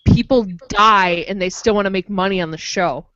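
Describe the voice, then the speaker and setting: A woman's voice: mid-range voice, normal speed, fairly bright tone, smooth. A young woman telling a story in casual chat, giggly and chatty. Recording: muffled lo-fi recording.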